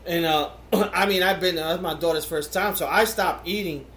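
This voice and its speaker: A podcast host tells a long story in casual chat, full of fillers and swearing, in a slightly high, somewhat bright voice at normal speed. The recording has an echoey room sound with faint background noise.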